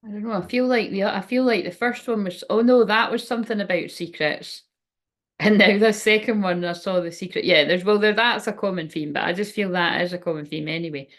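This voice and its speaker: A woman's voice: medium pitch, a little fast. Chatty woman rambling through a card reading. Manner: rambling, thinking aloud, swears casually. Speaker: tarot card reader. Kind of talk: casual tarot reading monologue.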